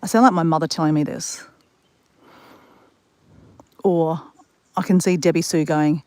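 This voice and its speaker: Her voice sits low with a steady tone, moving at a moderate pace broken by long pauses, and there's no echo. The woman is live-streaming outdoors in the bush beside water, a chatty storyteller rambling on and speaking directly to her chat.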